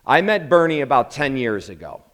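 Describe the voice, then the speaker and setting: A man's voice: medium pitch, big pitch swings, normal speed, fairly bright tone. A man in his thirties from Chicago with a Chicago accent, a founder and lead instructor giving a casual storytelling presentation to students and acting out quoted dialogue. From Chicago, South Side. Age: 30s. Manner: casual, acts out quoted dialogue, "I'm like" asides.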